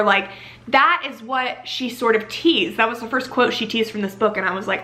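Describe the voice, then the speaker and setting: Young adult woman, bright voice pitched a little high, chatty and gushing book reviewer. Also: normal speed. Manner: gushing, filler-heavy with frequent "like". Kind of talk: casual chat.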